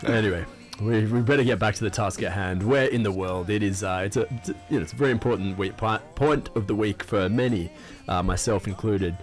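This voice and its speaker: A low-pitched man hosts a radio quiz, relaxed and rambling, often pausing on "uh" and restarting his lines. Soft music sits faintly behind him. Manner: rambling, hesitant, full of "uh" restarts. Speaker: radio host. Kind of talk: casual radio banter.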